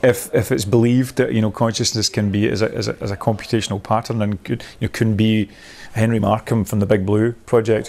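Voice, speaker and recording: A man's voice: fairly low pitch, vocal fry, darkish tone. A man leading a workshop, thinking aloud in a rambling, discursive way, with many restarts, and laughing at his own points. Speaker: workshop leader.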